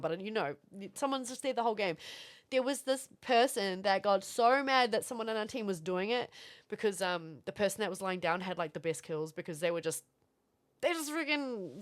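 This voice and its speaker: A woman's voice: medium pitch, a bit bright. A woman streamer in casual livestream chat, rambling along, laughing often and thanking viewers. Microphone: streaming setup with camera.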